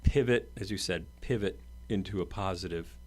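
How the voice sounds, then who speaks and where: A man's voice: sits low, normal speed. A man co-hosting a podcast, explaining ideas in an earnest, conversational way with many fillers. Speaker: podcast co-host. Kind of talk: casual conversation.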